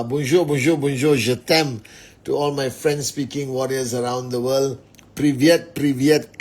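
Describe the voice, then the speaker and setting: A middle-aged man hosting a casual livestream from home at night, greeting viewers by name in many languages. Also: medium pitch. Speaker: live stream host.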